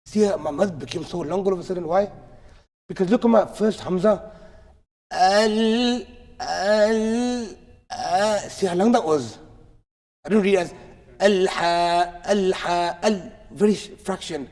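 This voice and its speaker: Male teacher, fairly high voice, patient step-by-step explaining, long reverb of a big hall. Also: normal speed, darkish tone. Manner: explains step by step, checks understanding with "yeah?". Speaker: Quran recitation teacher. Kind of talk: live tajweed class. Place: large mosque hall.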